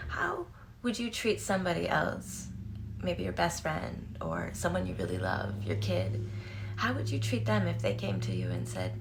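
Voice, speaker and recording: A woman's voice: fairly low pitch, measured pace, creaky, noisy background. A woman in her thirties talking frankly and casually to camera, swearing freely, laughing often and acting out quoted voices. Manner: animated, acts out quoted voices. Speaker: vlogger.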